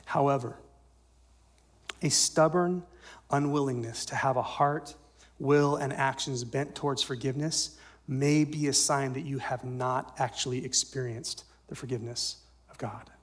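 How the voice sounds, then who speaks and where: A male pastor giving a sermon, swinging from loud emphatic lines to soft near-whispers and asking the congregation questions. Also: medium pitch, steady tone, a little slow. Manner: asks the congregation rhetorical questions.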